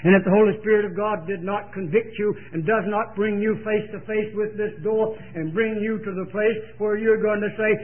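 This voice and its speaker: An older male preacher with a high voice, preaching emphatically and repeating his phrases for weight. He speaks straight to his hearers, and his voice comes through a tinny, phone-like old recording. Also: fairly even intonation, normal speed, few pauses. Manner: emphatic storytelling, repeats phrases, direct address. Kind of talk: sermon.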